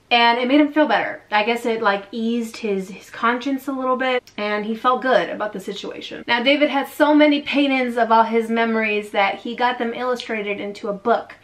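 A woman's voice: on the high side, steady tone, normal speed, few pauses. Sassy woman vlogging a story, lots of slang, does little voices for the quotes. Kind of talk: casual storytelling vlog.

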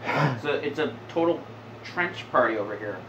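A man's voice: mid-range voice, expressive, moderate pace, roomy sound, dull audio, noisy background. A young man hosting, giving casual, crude and rambling commentary with a joking manner. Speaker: host.

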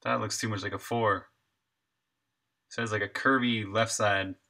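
A man's voice: lowish voice, steady tone, measured pace, gravelly, sharp tone. A man, an indie game developer, chatting casually on a live stream while he works, thinking aloud, answering chat and chuckling often.

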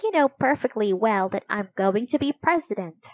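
A bossy, confident girl from a children's storybook, read by a woman. She sounds sweet but completely sure of herself. The delivery is slow and dry. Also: medium pitch, dry recording, lightly acted.

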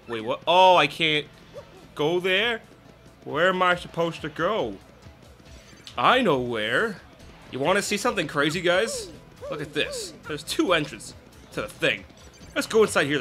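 A young man narrating his video game playthrough, rambling and cutting himself off. His voice is bright and high, swinging widely in pitch, with faint game music behind him. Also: very animated, measured pace, pauses often. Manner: rambling, self-interrupting, giggly asides. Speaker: let's play host. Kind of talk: gameplay commentary.

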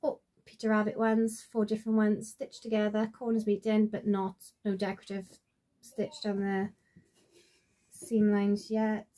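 A woman in her thirties talks through her sewing projects at home. Her delivery is a chatty, meandering show-and-tell, with ums and trailing asides. Her voice sits at an ordinary middle pitch for a woman. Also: monotone, measured pace, dark tone. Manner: chatty and rambling, with many fillers and trailing asides. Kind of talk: casual show-and-tell vlog.

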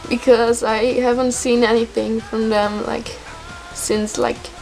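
A young woman vlogging as an excited K-pop fan, gushing and repeating words for emphasis. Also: fairly high pitch, slow pace. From Netherlands. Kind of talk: excited casual vlog. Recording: faint music behind voice.

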